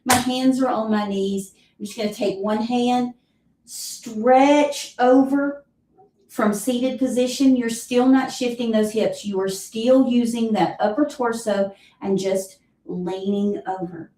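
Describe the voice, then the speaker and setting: A woman with a Southern US accent leading a live exercise class, counting reps and giving steady cues, heard from a distance in an echoey room. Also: fairly high pitch, unhurried, few pauses. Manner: counts reps aloud, encouraging cues, clears throat often. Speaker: fitness instructor. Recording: roomy echo, voice from far off.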